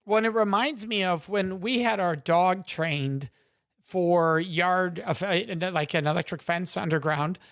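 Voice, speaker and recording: High-pitched enthusiastic male host. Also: unhurried, fairly bright tone, no echo, clean studio sound. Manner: enthusiastic, appreciative. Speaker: podcast host. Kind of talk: podcast interview.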